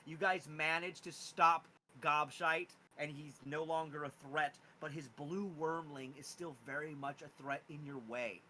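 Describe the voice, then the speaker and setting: A man narrating as game master of a tabletop game, animated and lively with frequent rising emphasis. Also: unhurried, few pauses, a little hiss or hum, low-quality recording. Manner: animated, pitch jumping on key words.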